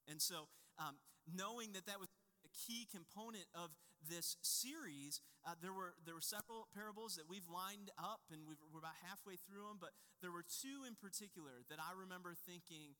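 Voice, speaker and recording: Bright-voiced pastor in a reverberant hall. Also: male voice, high-pitched, moderate pace. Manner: conversational storytelling with a personal anecdote. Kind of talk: sermon. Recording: long reverb of a large hall.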